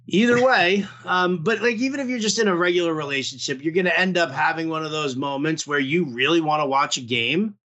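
A man's voice: on the high side, fairly quick, hardly any pauses, sharp tone. A married man co-hosting a casual chat, rambling with lots of fillers.

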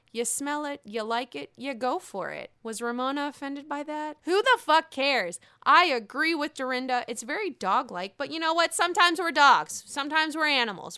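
A woman's voice: sits high, sharp tone, clear, resonant tone, dry recording, clean studio sound. A woman giving casual, gossipy commentary on a reality show, laughing often and swearing freely. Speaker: reality TV recap vlogger.

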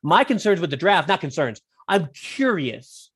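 A man talking as a guest on a sports podcast, wry and teasing, quick to joke. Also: a little high, big pitch swings, fairly bright tone, husky. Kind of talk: casual sports podcast chat.

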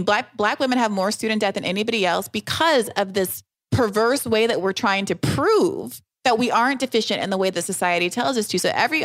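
A woman's voice: medium pitch, fairly bright tone. A woman with a mid-range voice speaks as a podcast guest. She often hedges at the start of a thought, then presses her argument with growing conviction. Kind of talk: conversational interview.

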